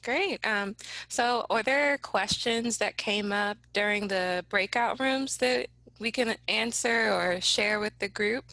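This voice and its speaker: A woman moderating a webinar question session on a video call, upbeat and brisk. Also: mid-range voice, gravelly, pushed and bright, dry recording, poor audio.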